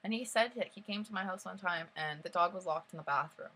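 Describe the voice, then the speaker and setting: A fast-talking young vlogger with a fairly low voice recounts a story, rambling and leaning on "like" as a filler. Her telling turns emotional and animated.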